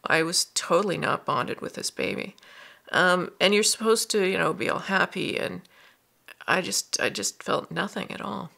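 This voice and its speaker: A woman telling her story as a mother in a documentary, frank and quietly confessional. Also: on the low side, normal speed, gravelly. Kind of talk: documentary testimony.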